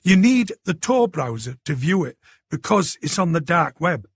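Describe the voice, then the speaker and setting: A man's voice: fairly high pitch, big pitch swings, moderate pace, breathy edge, no room sound, studio quality, heavily acted. A man reading an audiobook plays a cheeky young man from the city who teases his friend about computers. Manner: cocky, bantering. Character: cheeky young London tech-savvy man.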